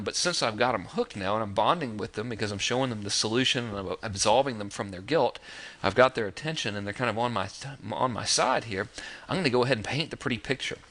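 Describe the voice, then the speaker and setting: A man's voice: lowish voice, pushed and bright. A man in his thirties giving a casual spoken lesson on marketing copy, talking loosely with fillers and restarts and acting out quoted lines. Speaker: marketing course instructor. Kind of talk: casual spoken lesson walking through sales letters.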